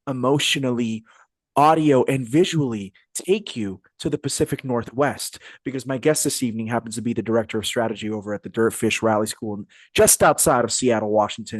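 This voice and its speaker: A man hosting a podcast in casual, animated chat, full of fillers and restarts, over a video call. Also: medium pitch, no room sound. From Phoenix, Arizona area. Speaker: podcast host. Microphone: video call podcast mic.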